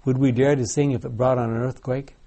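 A man's voice: mid-range voice, little pitch movement, a little fast, warm tone. A man leading a Bible study discussion, asking the group questions and telling stories with many restarts.

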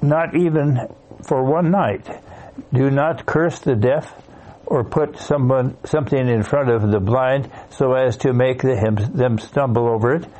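A man in a Bible study class reading a scripture passage aloud, steady but with small slips he corrects. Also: mid-range voice, a little slow, rough recording.

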